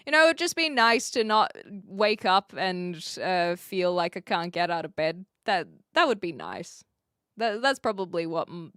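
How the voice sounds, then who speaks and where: Woman, from New Zealand, livestreamer, casual chat with viewers, self-mocking, laughs easily, bright tone, dry close sound. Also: medium pitch, clean tone, dry recording. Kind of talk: casual chat reading live chat. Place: attic room.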